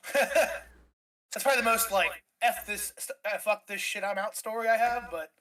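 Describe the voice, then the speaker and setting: A man's voice: sits high, a little slow, fairly bright tone, low-quality recording. A man in his thirties, a streamer guest, telling a rambling story full of fillers and swearing. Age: 30s. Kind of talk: casual storytelling.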